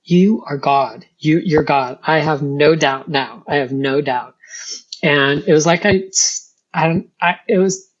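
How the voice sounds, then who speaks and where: A middle-aged woman speaks in a low, slightly slow voice as a guest on an interview show, sharing her personal story in conversation and acting out the rants she used to have. The recording sounds dull and lo-fi.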